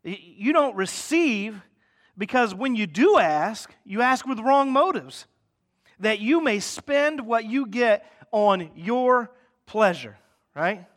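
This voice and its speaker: A man's voice: high-pitched, lively intonation, takes it slowly, a bit bright. A man preaching a sermon in a conversational style, often checking in with his listeners and acting out their complaints. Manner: acts out listeners' complaints in mock voices.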